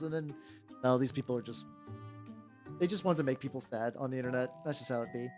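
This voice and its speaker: A woman hosting a casual live stream while painting miniatures, rambling and swearing freely, with soft music behind her. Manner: rambling, swears casually, quick pitch jumps when quoting people. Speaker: vtuber host painting miniatures. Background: soft background music.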